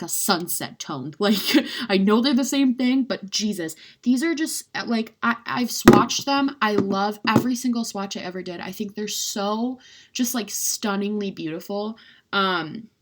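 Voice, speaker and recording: A young woman talks straight to camera in a loose, chatty way. She rambles, fills her sentences with "like," and gushes while poking fun at herself. Her voice sits at an ordinary middle pitch. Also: animated, normal speed. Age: young adult. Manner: rambling, chatty, heavy use of "like"; gushing, self-mocking. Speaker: beauty vlogger. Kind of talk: casual chat.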